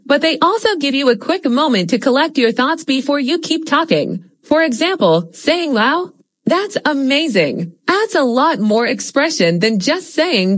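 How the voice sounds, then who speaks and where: A woman's voice: high voice, no echo. A woman teaching English in a scripted lesson narration, explaining steadily and reading out example phrases.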